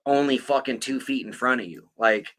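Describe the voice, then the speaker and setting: A man's voice: medium pitch, moderate pace, a bit bright. A man on a podcast, telling a story in a rambling, swear-heavy, casual way. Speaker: podcast co-host.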